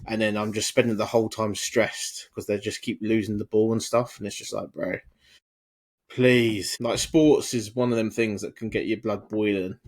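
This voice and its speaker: A man's voice: on the low side, level tone, fairly quick, few pauses, darkish tone. A man co-hosting a podcast, bantering in laid-back, sweary slang. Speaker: podcast co-host. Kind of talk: casual chat.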